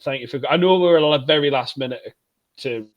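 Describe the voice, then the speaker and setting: A man's voice: medium pitch, fairly quick, lo-fi sound. A man hosting a podcast, wrapping up with rambling, jokey repeated thanks. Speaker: podcast host. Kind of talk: casual chat.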